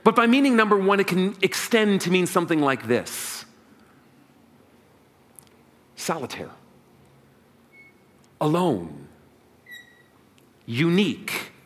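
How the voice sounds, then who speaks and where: A man's voice: a little high, a bit bright. A man preaching a sermon as pastor, leading the congregation in call and response. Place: church sanctuary.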